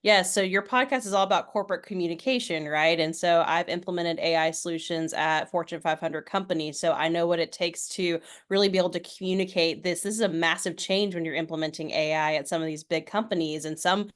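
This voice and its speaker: A woman who works as an AI consultant talks on a video call. She is confident and businesslike. Her voice sits somewhat low. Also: fairly even intonation, brisk, hardly any pauses.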